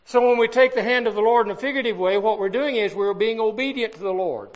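High-voiced older preacher. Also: male voice, highs cut off. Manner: emphatic preaching with swells in volume and slowed stresses. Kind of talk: sermon.

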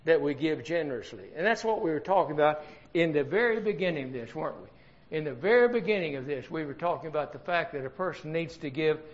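An older man delivers a sermon in an earnest, talky way, with a fairly high voice. He keeps turning to the congregation with rhetorical questions. The recording sounds dull and lo-fi. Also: animated, fast talker. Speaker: preacher.

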